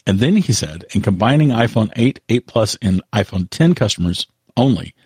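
A man co-hosting a casual tech podcast, talking in a halting way with frequent restarts. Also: fairly low pitch, animated, darkish tone, husky, dry recording. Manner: halting, full of restarts, reads out quotes. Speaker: podcast co-host.

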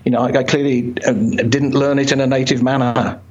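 A man's voice: medium pitch, brisk, lo-fi sound, crowd noise. A middle-aged man from Birmingham with a British accent, Polish his first language, telling his story in a casual, self-deprecating interview. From Birmingham, England. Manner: self-deprecating, joking, animated. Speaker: interview guest, writer.

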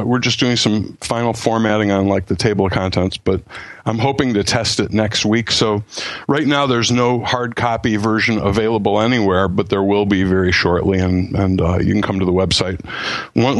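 A man's voice: fairly low pitch, steady tone, normal speed, no room sound. Guest author man, stammering enthusiasm. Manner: stammering restarts, enthusiastic self-promotion. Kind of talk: casual podcast chat.

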